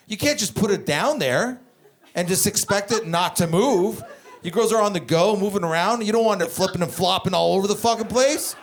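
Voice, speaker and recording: Young canadian guy doing standup, swears a ton, rambly animated stories, kinda high voice. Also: fairly quick. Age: 20s. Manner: profane, animated, rambling storytelling. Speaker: stand-up comedian. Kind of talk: stand-up comedy storytelling.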